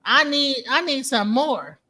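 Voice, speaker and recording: A woman's voice: high voice, lively intonation, measured pace, sharp tone. A young woman hosting a casual live-stream chat, rambling and joking with plenty of profanity. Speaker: host.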